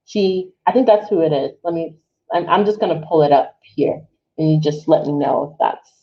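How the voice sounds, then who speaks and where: A woman's voice: low voice, normal speed. Chatty woman livestreaming, lo-fi sound. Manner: rambling, many restarts, exclaims and reacts emotionally. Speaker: livestream host. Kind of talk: casual chat with live viewers.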